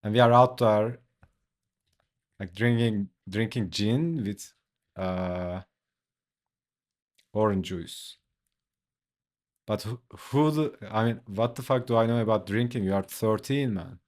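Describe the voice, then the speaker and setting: A man who is not a native English speaker, telling a story in a relaxed, casual way while streaming his drawing. He swears, leans on "like" and laughs often. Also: on the low side, takes it slowly, long pauses.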